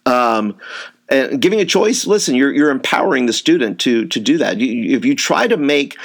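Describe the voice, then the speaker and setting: A man's voice: mid-range voice, very animated, moderate pace. A man giving an informal training talk to youth workers, rambling, with frequent fillers and repeated words. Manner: says he tends to raise his voice.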